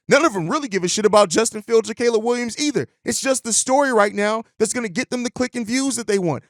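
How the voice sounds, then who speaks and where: A man hosts a sports podcast, talking in a high voice and ranting bluntly with plenty of swearing. The sound is dry and close, with no room around it. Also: no room sound. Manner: blunt, profane, fired up. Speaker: podcast host. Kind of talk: casual sports podcast rant.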